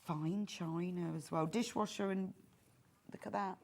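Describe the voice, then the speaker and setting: A woman's voice: on the low side, steady tone, unhurried, gravelly, darkish tone. A woman from Bath presenting products on a live shopping channel, chatty and gushing, laughing often as she talks. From Bath, England. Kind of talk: live TV sales chat. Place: TV studio.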